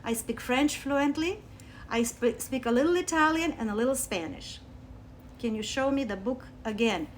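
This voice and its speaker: A woman from Romania, teaching spirituality on a livestream through animated personal stories and emphatic swings down to soft asides. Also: high voice, moderate pace, a little hiss or hum. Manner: animated, storytelling, emphatic with sudden soft drops. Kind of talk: live-streamed teaching talk with personal stories. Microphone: phone.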